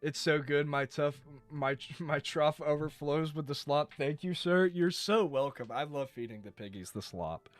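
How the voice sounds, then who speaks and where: A man's voice: fairly high pitch, normal speed, few pauses, no room sound, faint music behind. A young man from North Carolina chatting casually on a live stream, rambling, swearing and joking at his own expense. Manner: rambling, swearing, self-mocking.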